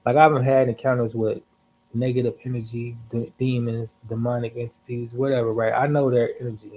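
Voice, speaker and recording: A man's voice: mid-range voice, a little mellow, slight background noise, low-quality recording. Young male streamer, casual storyteller, heavy slang and cursing, rambling asides. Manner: loose, slangy, profane, restarts and asides. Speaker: livestream host.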